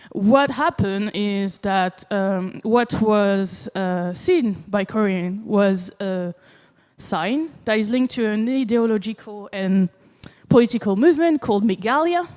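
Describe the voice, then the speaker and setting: A woman from France with a French accent, giving a conference talk, animated and acting out quoted reactions with many fillers. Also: mid-range voice, long reverb tail. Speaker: conference speaker. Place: conference hall.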